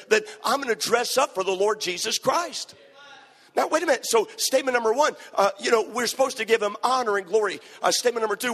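Male preacher, high voice, emphatic delivery, repeats key phrases, church reverb. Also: fairly bright tone. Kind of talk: sermon. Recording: hall reverb.

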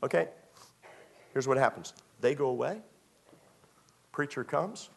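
A man preaching a storytelling sermon, talking to the congregation like a friend. His voice sits at an ordinary middle pitch, and he circles back over the same phrases again and again, sometimes slipping into the voices of people in the story. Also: measured pace, gravelly. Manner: repetitive, conversational, acts out scenes. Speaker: pastor. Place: church.

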